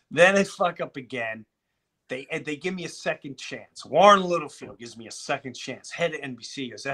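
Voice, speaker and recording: A middle-aged man spins a story in loose conversation, his voice bright and forward and sitting a little high for a man. He swears freely and slips into the voices of the people he quotes. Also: normal speed. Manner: animated, swearing, acts out quotes. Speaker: guest. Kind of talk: casual storytelling chat.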